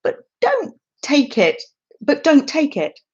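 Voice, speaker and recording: Woman reading as a folksy local guy, rambling directions, lively voice swinging up and down, unhurried delivery, dull lo-fi livestream sound. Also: high-pitched, heavily acted. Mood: instructive. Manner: rambling, folksy, overly detailed. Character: chatty local man giving long-winded road directions.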